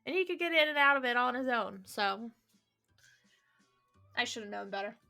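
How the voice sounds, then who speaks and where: Woman reading a cat visual novel out loud, bright tense voice, gravelly edge, soft music behind. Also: a little high, animated, normal speed, long pauses. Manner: chatty, swears casually, laughs at herself. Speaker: let's play streamer.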